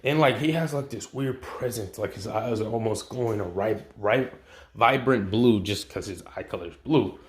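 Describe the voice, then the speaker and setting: A man's voice: fairly low pitch, moderate pace, slight background noise. Slangy man telling a fan story. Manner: loose, slangy, with frequent fillers and profanity. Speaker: channel host. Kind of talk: casual storytelling of a fan what-if. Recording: roomy echo.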